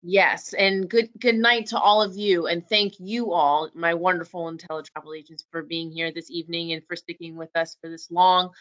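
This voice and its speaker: A woman's voice: lowish voice, fairly even intonation, moderate pace, few pauses, fairly bright tone. An upbeat woman hosts a live webinar in a chatty, enthusiastic way. Her voice has a slightly dull, lo-fi sound. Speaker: webinar host.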